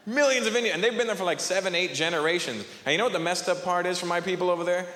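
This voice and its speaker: A man performing a stand-up comedy set, animated and jumping between characters' voices. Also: high voice, rapid-fire. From Canada. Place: large theater on stage. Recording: live hall reverb with audience.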